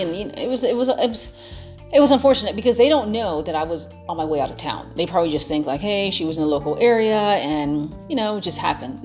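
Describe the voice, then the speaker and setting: A woman's voice: on the low side, a little mellow. Chatty, exasperated woman telling a story. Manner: chatty and exasperated, with frequent fillers and asides. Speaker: vlogger telling a personal story. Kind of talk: casual storytime monologue. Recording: faint music behind.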